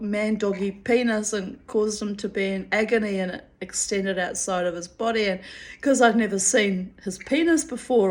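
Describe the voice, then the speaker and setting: A woman telling a personal story in a casual, candid way, often breaking into giggles and swearing freely. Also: medium pitch. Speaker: storyteller reading her own diary.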